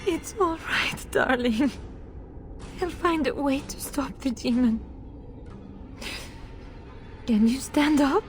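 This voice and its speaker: A woman's voice: high voice, slow pace, long pauses, faint music behind. An actress voicing a noble mother desperate to save her son, emotional and pleading, in a video game. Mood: tender.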